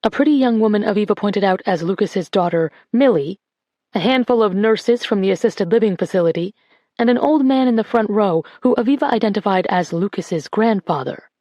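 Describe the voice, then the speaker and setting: A woman narrating an audiobook in a calm, even voice on a close studio mic. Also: mid-range voice, brisk, no echo, lo-fi sound.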